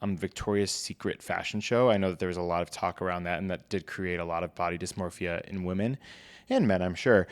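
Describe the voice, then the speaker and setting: A man's voice: sits low, a little fast, no room sound. A young adult man hosting a casual solo podcast, chatty and conversational, with frequent fillers. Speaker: podcast host.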